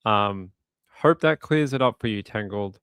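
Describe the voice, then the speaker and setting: An Australian man hosts a live stream and reads viewer comments aloud in a loose, easygoing way. He often repeats words and laughs softly between thoughts. His voice is clean and resonant, with a dry, close sound and little room echo. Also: on the low side, smooth. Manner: relaxed, repeats himself, chuckles often. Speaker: livestream host. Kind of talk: casual live chat reading viewer comments.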